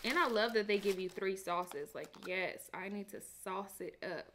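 Bright-voiced chatty young woman vlogger. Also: mid-range voice, normal speed, slight background noise. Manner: chatty and playful, addresses viewers as y'all. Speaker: lifestyle vlogger. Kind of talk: casual vlog chat to camera.

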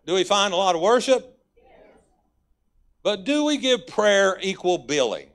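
A man's voice: high voice, big pitch swings, a little slow, creaky, fairly bright tone. A man with a Texas accent, a guest pastor preaching a folksy, conversational sermon in a church. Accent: Texan. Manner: folksy, conversational preaching with sudden emphatic rises.

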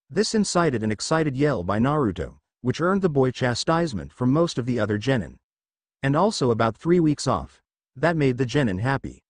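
Animated pitch swings mark this man's narration of a fan fiction story, delivered at a normal speed. It's recorded close and dry, with no audible room.

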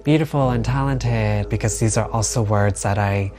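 A person speaking in an interview in a measured, reflective way. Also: mid-range voice. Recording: music bed underneath.

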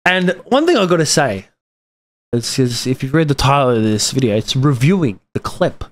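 A man's voice: mid-range voice, big pitch swings, normal speed. A young man giving rambling, profane commentary on his YouTube channel, stumbling and restarting his sentences often. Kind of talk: casual commentary vlog.

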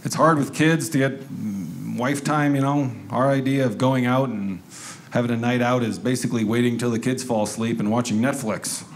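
A man's voice: medium pitch, moderate pace. Guy telling a standup story, chatty, some background noise. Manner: conversational storytelling, acting out quotes. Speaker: stand-up comedian. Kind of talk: stand-up comedy routine.

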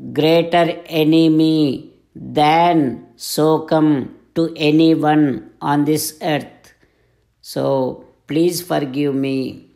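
Man voicing a grieving queen, pleading, apologizing over and over, gravelly voice. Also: fairly high pitch, darkish tone. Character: grieving queen begging her husband's forgiveness.

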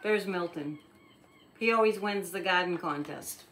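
A woman's voice: fairly low pitch, unhurried, a bit bright, soft background music. A woman from Gloucester, Massachusetts, chatty and giggly, reading a picture book aloud for her video audience with casual asides about the illustrations. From Gloucester, Massachusetts, USA. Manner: chatty, giggly, lingers on words while showing pictures.

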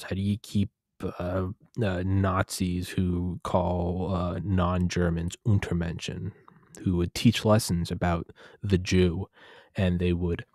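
A young man with a deep, low voice rambles through a casual monologue. He swears freely and keeps restarting his sentences. The sound is close and dry. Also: darkish tone, no echo. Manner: profane, digressive, restarts often.

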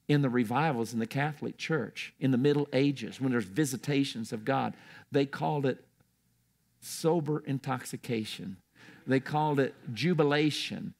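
A man's voice: medium pitch, creaky. An older man preaching a sermon in a church, telling stories in a rambling way with restarts.

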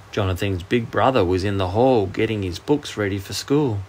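A man with an Australian accent narrating a children's bedtime story with expressive storytelling. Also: fairly low pitch, normal speed, hardly any pauses, slight background noise.

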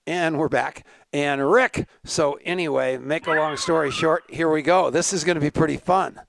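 A man's voice: a little high, normal speed, creaky, fairly bright tone, a little hiss or hum. A man hosting a talk show, joking, laughing often and telling stories in casual banter. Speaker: show host.

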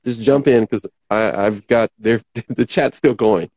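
A man's voice: lowish voice, a little slow, darkish tone, no echo, dull audio. Man hosting a talk show, tiring voice. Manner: rambling, reads viewer comments aloud, voice tiring. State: voice going hoarse. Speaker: podcast host. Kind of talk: casual talk show chat.

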